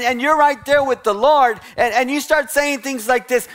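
High-voiced man preaching a lively sermon. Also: normal speed, hardly any pauses. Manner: animated, sarcastic preaching with acted-out quotes. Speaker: guest pastor.

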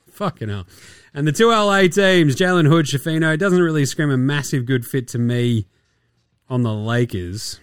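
A man with an Australian accent hosting a casual basketball podcast, sarcastic and profane, often mimicking players in quick asides. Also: on the high side, smooth, no room sound, clean studio sound. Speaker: podcast host.

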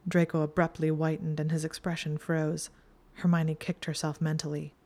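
A woman reading fan fiction aloud as an audiobook, with even, steady storytelling. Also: low voice, normal speed. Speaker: reader.

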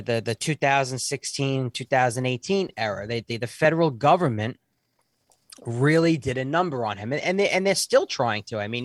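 A man in his forties telling a story in casual talk, animated and often restarting his sentences. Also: mid-range voice, no room sound, clean studio sound. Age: 40s.

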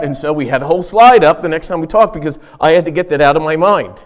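A man's voice: a little high, animated, quick pace, hardly any pauses. A middle-aged man preaching a sermon as pastor in a church, talking in an earnest, conversational way and repeating key phrases for emphasis.

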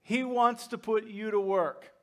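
A man's voice: high-pitched, steady tone, unhurried, a bit bright. A man preaching a sermon as pastor, conversational and joking with his congregation. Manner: humorous, conversational, laughs with the congregation.

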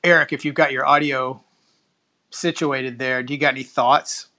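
A man hosting a podcast chats his way through a news article, breaking off for commentary and laughing at the phrasing. His medium-pitched voice is bright and forceful, at a moderate pace with fairly even intonation.

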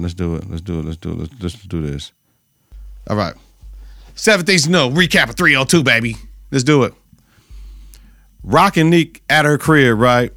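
A man's voice: mid-range voice, a bit bright, no room sound, studio quality. A man hosting a podcast, recapping a TV episode in loose, slang-heavy casual chat with repeated catchphrases.

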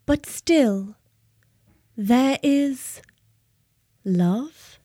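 A woman's voice: sits high, animated, drawn-out words, mellow, no room sound, studio quality, heavily acted. A woman playing a poetry reader, reciting in an affected, fruity whisper with odd stresses and broken phrasing, as a whispered role-play.

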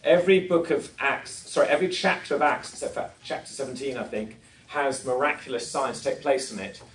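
Here a male conference speaker in a mid-range voice preaches to a live audience, talking a little fast with a roomy sound. He tells self-deprecating stories and asks the crowd questions, and the distant microphone adds faint noise.

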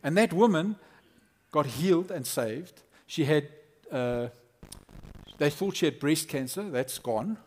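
A man preaching a lively, conversational sermon as a pastor, acting out quotes. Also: on the high side, slow pace.

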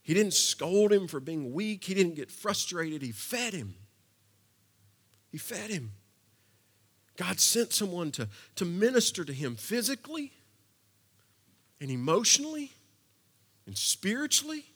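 A man preaching a sermon in a conversational way, dropping to a hush and then building to impassioned passages. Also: high-pitched, sing-song, moderate pace, breathy edge. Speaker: pastor.

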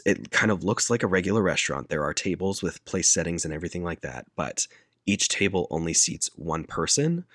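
A man with a very deep voice walks a friend through a film's plot in a casual chat. He quotes the characters in a flat deadpan and laughs easily. The recording is dry and close, with no room sound. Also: no echo. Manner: laid-back storyteller, deadpan quoting, laughs often. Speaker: podcast co-host retelling a movie.

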